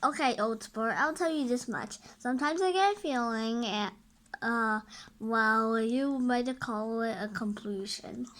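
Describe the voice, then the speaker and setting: A woman's voice: fairly high pitch, a little slow, fairly bright tone. A woman voicing a frank, easygoing teenage boy in a graphic novel read-aloud, casual and searching for words.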